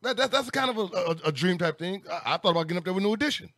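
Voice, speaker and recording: Fast, high-pitched, stammering male co-host. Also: animated, a bit bright, no echo, clean studio sound. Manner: quick, stammering repetitions and playful teasing in slang. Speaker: radio co-host. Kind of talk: casual banter on a live radio talk show.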